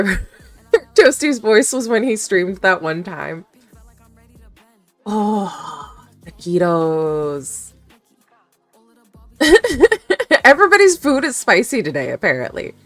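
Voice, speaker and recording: Giggly low-voiced woman streamer. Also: a bit bright, dry recording. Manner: rambling, giggly, swears casually. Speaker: streamer reading chat. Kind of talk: casual live-stream chat.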